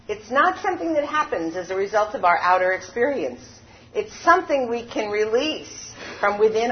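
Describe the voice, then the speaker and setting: A woman delivers a sermon at an unhurried pace, her voice swooping up and down as she stresses each point. The recording sounds dull and lo-fi, with the top end rolled off. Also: mid-range voice, slight background noise. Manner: slow, emphatic preaching with lively rises and falls. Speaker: spiritual teacher.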